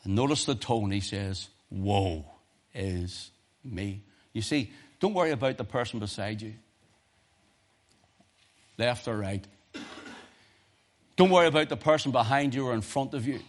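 A man preaching a sermon, swinging from quiet, urgent asides to impassioned cries, quoting scripture in old-fashioned wording. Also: mid-range voice, lively intonation, normal speed, pauses often. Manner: archaic scripture quotations in King James wording.

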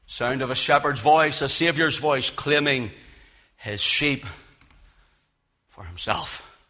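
A man preaching a sermon in a church, with a loud, carrying voice that swings from emphatic peaks to low, hushed lines. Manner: impassioned, rising to loud emphatic peaks then dropping low. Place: church with speakers.

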